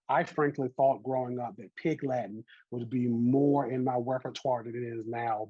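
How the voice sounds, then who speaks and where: A Southern man in his thirties leads an online class, chatty and encouraging. His slightly husky voice sits at a mid pitch. It comes through a dry, somewhat dull video-call mic. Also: no room sound. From American South. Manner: lively, encouraging, chatty teacher. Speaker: botany class instructor.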